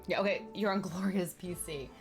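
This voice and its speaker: A young woman with a somewhat low voice chats her way through a live game stream. She keeps talking straight to her viewers and answers them by name as she builds. Soft music plays quietly behind her. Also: a little fast, gravelly. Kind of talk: casual live-stream chat while building in a life-sim game.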